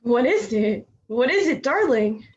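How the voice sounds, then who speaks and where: An actress playing a tender elder sister who consoles and gives soothing, measured advice. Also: female voice, on the high side, sing-song, dull audio. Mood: consoling. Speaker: student actor. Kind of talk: stage drama dialogue.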